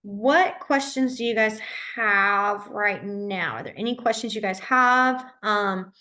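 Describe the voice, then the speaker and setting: A young woman teaching a beginner sign language class in a casual, reassuring way. She says each sign aloud slowly and repeats it, with lots of fillers and restarts. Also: medium pitch, sharp tone. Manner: says the signs aloud in slow repeated words.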